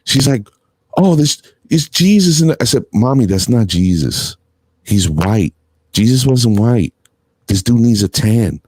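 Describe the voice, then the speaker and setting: A middle-aged man hosts a laid-back call-in chat in a fairly low voice at a measured pace, with no echo. He tells stories animatedly, laughing frequently and cursing freely.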